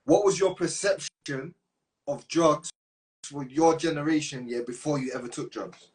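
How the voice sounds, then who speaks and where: A man's voice: on the high side, normal speed. A man with a South London accent who interviews his guest in casual chat, asking long, rambling questions and tagging "yeah?" onto his points. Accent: South London, London slang.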